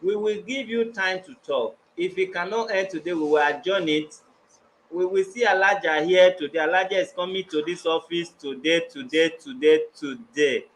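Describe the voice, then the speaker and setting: A man working as a mediator, speaking firmly and telling a rushed complainant to calm down and speak clearly. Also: sits high, a little hiss or hum, poor audio. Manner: firm, scolding, tells him to calm down. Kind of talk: firm mediation talk.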